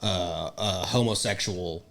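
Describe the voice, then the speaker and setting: A man's voice: sits low, takes it slowly, vocal fry. A young man hosting a casual podcast, telling a rowdy story with lots of swearing and laughter. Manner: profane, laughing, excitable storyteller. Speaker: podcast host.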